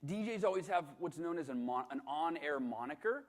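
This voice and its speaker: A man's voice: fairly high pitch, expressive, a little fast, close to an everyday voice. A man voicing a middle-aged radio station manager in an upbeat announcer-style radio voice. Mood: hearty.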